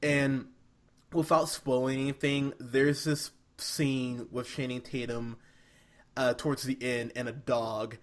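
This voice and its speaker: A man talks through a film review in a loose, casual podcast chat. He is animated, laughs easily and often stumbles and restarts mid-sentence. His voice sits at an ordinary mid pitch. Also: slow pace. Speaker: podcast co-host.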